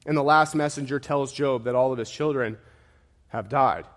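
A man's voice: medium pitch, normal speed, long reverb tail. A man preaching a sermon, emphatic and repetitive, his intensity rising and falling.

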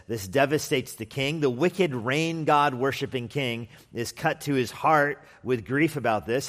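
A man preaching an expository sermon as pastor in a conversational manner with wry asides, sometimes acting out quoted voices. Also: medium pitch. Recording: long hall reverb.

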